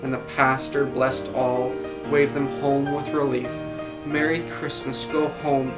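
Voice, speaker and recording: Verse narrator, mid-pitched, even storybook delivery over plucked guitar. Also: low-quality recording. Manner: measured storybook cadence. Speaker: poem reader. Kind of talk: rhythmic verse recitation. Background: guitar music.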